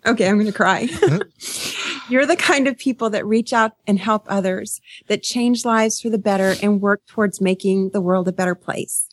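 A woman runs a live online call and reads out messages from friends, pausing with fillers. She keeps a friendly, slightly emotional tone. The sound is dry and close. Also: mid-range voice, no echo. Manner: friendly, with many fillers, tearing up while reading. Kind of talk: hosting a live call, reading messages aloud.

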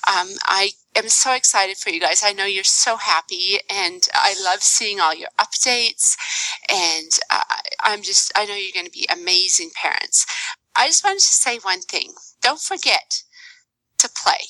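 A woman leaves a recorded message for friends, halting and affectionate, with little laughs between thoughts. Her voice is bright and crisp. It sounds close and dry. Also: mid-range voice, animated, no echo, low-quality recording. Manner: warm, halting, with soft laughs.

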